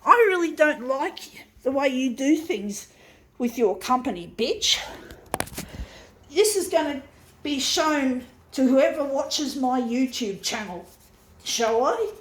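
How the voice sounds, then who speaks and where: A woman's voice: high voice, expressive, takes it slowly, a little hiss or hum, poor audio. A woman vlogger ranting to her camera, swearing, sighing and exasperated, recorded on a camera mic indoors beside an office copier. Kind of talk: angry rant to camera. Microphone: camera mic, set down nearby.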